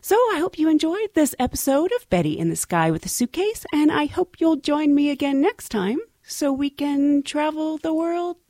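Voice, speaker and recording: Lively woman host signing off. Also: high voice, normal speed, hardly any pauses. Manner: friendly, reflective address to listeners. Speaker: podcast host. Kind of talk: scripted show outro.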